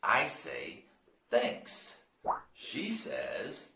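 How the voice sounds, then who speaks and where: An American man teaching English, explaining phrases and modeling them slowly for learners. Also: on the low side, big pitch swings, pushed and bright, a little hiss or hum. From United States. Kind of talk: language lesson. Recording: roomy echo.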